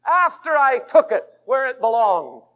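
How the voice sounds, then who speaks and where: A man preaching a sermon, swinging between fervent shouts and hushed, intimate passages. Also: very high voice, sing-song, measured pace. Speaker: pastor. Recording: muffled lo-fi 1980s tape.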